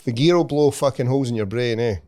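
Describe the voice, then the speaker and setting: A man's voice: mid-range voice, fast talker, warm tone, no echo, studio quality. A man with a Scottish accent, co-hosting a podcast in blunt, sweary banter. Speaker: podcast co-host. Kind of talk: casual chat.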